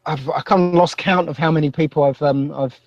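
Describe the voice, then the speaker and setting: Male guest, Basildon accent, halting, self-deprecating, pitched a bit high, dry close sound. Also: fairly even intonation, no echo, highs cut off. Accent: Basildon, Essex. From England. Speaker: podcast guest. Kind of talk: casual chat.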